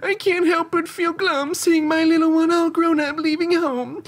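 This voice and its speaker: A man doing a high, doting old auntie. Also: steady tone, moderate pace. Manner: high quavering old-lady voice, sweet and doting. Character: fussy emotional old woman aunt, doting. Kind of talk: voicing game dialogue aloud.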